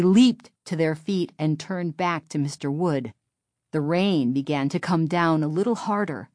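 A woman narrating a children's story in a steady, expressive storytelling manner. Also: deep voice, unhurried, no room sound, studio quality. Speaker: audiobook narrator. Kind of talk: scripted narration.

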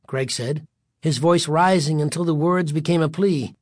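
An audiobook narrator reading a spooky story with suspense and vivid pacing. The voice sits at a middle pitch, and the recording is close and dry, with no room sound. The reader keeps the tension up from line to line. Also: fairly even intonation, a little slow, no room sound.

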